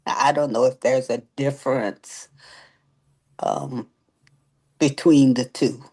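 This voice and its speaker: Panel guest, slow pace, measured, hesitant. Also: medium pitch, fairly even intonation, dark tone, breathy edge. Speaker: patient guest. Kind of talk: casual panel discussion.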